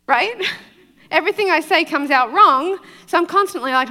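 A woman's voice: very high-pitched, lively intonation, moderate pace, pushed and bright, long reverb tail. A woman pastor with a foreign accent, preaching a conversational sermon and often checking in with her listeners. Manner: chatty, often checks in with the crowd, laughs easily.

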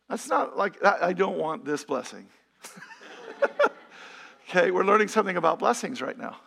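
A man's voice: high-pitched, lively intonation, normal speed, gravelly, long pauses, a bit bright, slightly rough. A middle-aged man preaching a sermon in a conversational, emphatic way, full of rhetorical questions. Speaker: pastor.

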